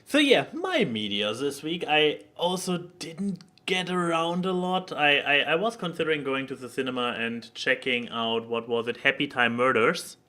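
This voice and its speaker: A man with a bright, forceful voice co-hosts a casual podcast. He talks in stops and starts, circling back as he hunts for words. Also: fairly high pitch, animated. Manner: halting, many fillers and restarts. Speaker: podcast co-host.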